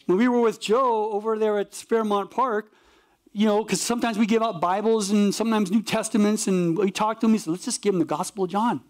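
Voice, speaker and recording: A male pastor with a notably high-pitched voice delivers a sermon to his congregation. He talks with animated energy, slipping into the voices of the people in his stories. His key points land in short, emphatic bursts. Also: a little fast. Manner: animated storytelling, acts out dialogue; emphatic, punchy preaching.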